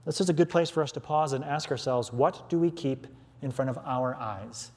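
A man's voice: medium pitch, normal speed, darkish tone. A man preaching an earnest expository sermon, restarting phrases as he works through a text. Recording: long hall reverb.

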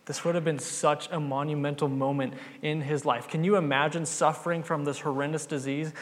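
A man preaching a sermon, retelling a Bible story in an earnest, conversational way. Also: on the high side. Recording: long hall reverb.

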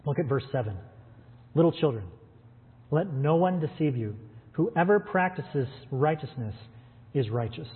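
A man preaches a sermon in an earnest, conversational way, asking rhetorical questions. His voice sits a little high for a man. The sound is thin and phone-like, with a long hall echo. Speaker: pastor. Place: church with stream audience.

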